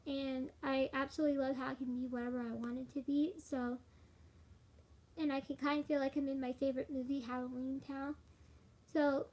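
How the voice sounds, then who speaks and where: Tired high-voiced young woman streaming live. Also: a little mellow. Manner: rambling, with frequent fillers and laughs. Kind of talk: casual live stream chat.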